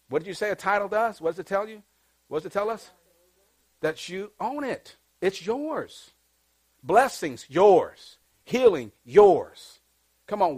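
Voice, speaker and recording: A man preaching a sermon to a congregation, calling out lines for them to repeat and building to emphatic bursts. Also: a little high. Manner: preaching with call-and-response, rising to emphatic bursts. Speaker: pastor.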